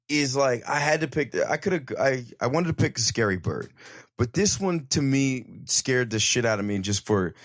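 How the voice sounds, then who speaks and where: A man's voice: medium pitch, no echo, studio quality. A man hosting a casual comedy podcast, rambling and cursing with hyped-up energy. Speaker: podcast host.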